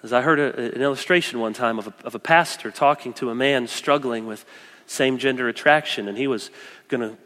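A man preaching a sermon as pastor, animated, swinging between loud emphasis and soft, gentle quoted asides. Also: mid-range voice, a little fast. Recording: long echoey church hall.

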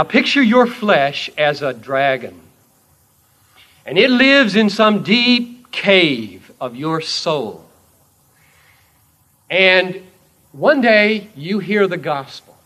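A man preaching a sermon as a story, with dramatic swings between loud and hushed delivery. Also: on the high side.

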